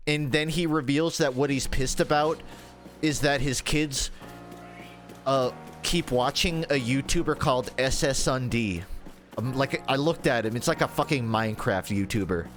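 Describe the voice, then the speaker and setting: A man's voice: mid-range voice, unhurried, fairly bright tone, soft background music. A man streaming a video game, telling stories in a rambling, casual way with plenty of swearing. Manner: rambling, profane storytelling with laughs. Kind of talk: casual livestream chat while gaming.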